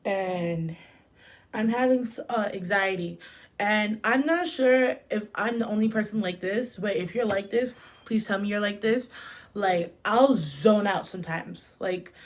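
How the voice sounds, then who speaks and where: A young woman chatting casually through a storytime while doing her makeup, full of "like" and "literally". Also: mid-range voice. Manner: chatty, filler-heavy with frequent "like" and "literally". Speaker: beauty vlogger.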